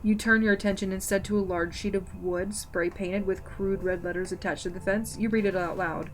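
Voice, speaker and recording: A woman's voice: mid-range voice, steady tone, brisk. A woman streamer reading a visual novel aloud and chatting playfully with her viewers.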